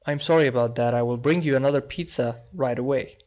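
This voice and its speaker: A man teaching an online English lesson, saying each example phrase twice, slowly and clearly. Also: medium pitch, darkish tone. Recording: slightly dull lo-fi audio.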